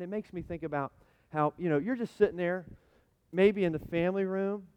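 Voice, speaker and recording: Middle-aged male pastor, high voice, dramatic sermon storytelling with big swings in loudness, long hall reverb. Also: fairly quick. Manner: storytelling, swings from hushed to near shouting; dramatic re-enactment of his own cries.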